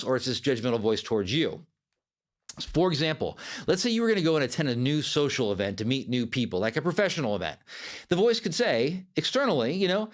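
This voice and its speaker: A man hosting a podcast as a life coach, giving a motivational monologue in an animated, conversational way. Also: medium pitch.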